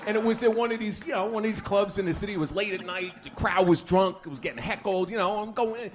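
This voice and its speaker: A man's voice: high-pitched, fast talker, noisy background. A man doing a stand-up comedy set, telling crude stories and acting out the people in them. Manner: storytelling, crude, acts out stutters. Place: comedy club stage.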